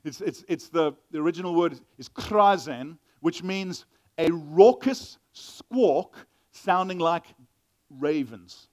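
A male pastor preaching an animated sermon, reading scripture aloud and acting out the voices of the people in it. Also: a little high, slow pace. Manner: animated Bible reading and teaching with dramatic voices.

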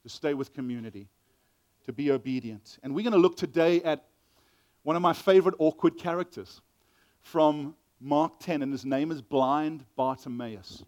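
A male pastor preaching an animated sermon, reading scripture aloud and acting out the voices of the people in it. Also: fairly high pitch, normal speed. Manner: animated Bible reading and teaching with dramatic voices.

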